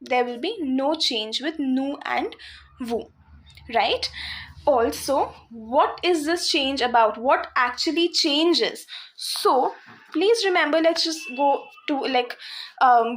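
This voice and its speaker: Woman, language teacher, high voice, unhurried, patient, repeats words. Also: fairly bright tone. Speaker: French teacher. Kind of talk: slow explanatory lesson for beginners.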